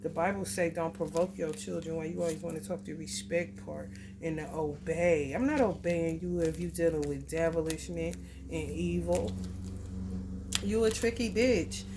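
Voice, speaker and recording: A woman's voice: on the low side, vocal fry, noisy background. A woman giving a casual, blunt, profane astrology reading, preaching straight at her viewers. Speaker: tarot reader.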